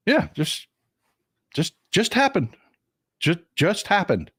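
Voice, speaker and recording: A man from Texas hosting a livestream of political commentary, getting over a cold, talking in an animated, indignant way and repeating phrases for emphasis. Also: high-pitched, takes it slowly, breathy edge, dry recording, studio quality. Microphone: desk mic at a computer for a livestream.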